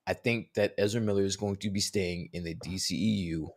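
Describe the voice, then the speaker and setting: A man co-hosting a casual podcast chat, animated and provocative, swearing often. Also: sits low, a little fast. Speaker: podcast co-host.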